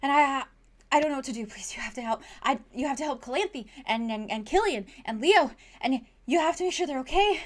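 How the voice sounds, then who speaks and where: A woman's voice: high-pitched, expressive, fairly quick, pitched above the performer's own voice. A woman voicing a frightened young boy in a tabletop game, stammering and pleading breathlessly. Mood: panicked pleading.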